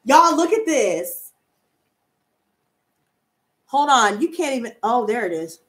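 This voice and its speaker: A woman in her twenties talks bluntly and heatedly to her livestream, swearing freely. Her voice sits high and swings widely in pitch. The sound carries a roomy echo. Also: sing-song, takes it slowly, a bit bright. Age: 20s. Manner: blunt, profane and heated, ranting and laughing. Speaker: tarot reader and streamer. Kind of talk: casual livestream chat.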